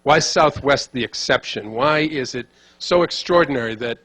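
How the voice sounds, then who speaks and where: A man's voice: mid-range voice, moderate pace, fairly bright tone. A man interviewing a guest, pressing him with follow-up questions and stumbling over repeated words as he asks.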